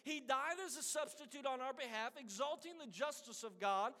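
A man's voice: extremely high pitch, moderate pace, bright, forceful tone. A man preaching a sermon, telling a story and acting out the voices of its characters. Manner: earnest preaching, acts out quoted voices. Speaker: pastor. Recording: long hall reverb.

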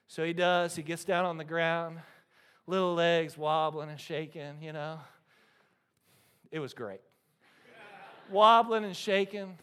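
A man in his thirties, a pastor preaching a sermon, telling stories with lively energy and often checking in with the congregation. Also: fairly high pitch, slow pace, pauses often, clean tone. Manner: animated storytelling, frequent "right?" to the congregation.

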